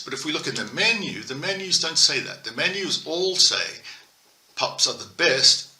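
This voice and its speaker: Teaching code through a screen recording, an older male instructor speaks in a pushed, bright mid-range voice. He reasons out loud and fixes his own mistakes as he types, amid an echoey room and faint key clicks.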